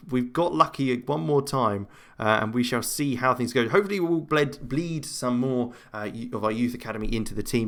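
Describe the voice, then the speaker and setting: Guy doing chill let's-play commentary on a football game, rambly, lots of ums, average pitch. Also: a bit bright. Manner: chatty, rambling match commentary with self-talk and frequent fillers. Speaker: gaming channel host.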